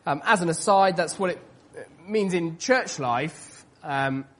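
A man's voice: fairly high pitch, lively intonation, slow, fairly bright tone. A man preaching a sermon in an earnest, conversational way, with many fillers. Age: adult, past his teens.

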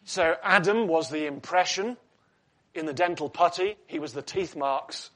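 A man's voice: fairly high pitch, moderate pace, a bit bright. A man preaching a sermon in an earnest teaching tone, asking rhetorical questions and adding light asides.

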